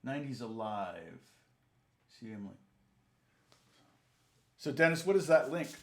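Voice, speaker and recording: Rambling guitar teacher, roomy sound. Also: male voice, medium pitch, a little slow. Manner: rambling, animated, acts out both sides of a story. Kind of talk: casual storytelling on a livestream.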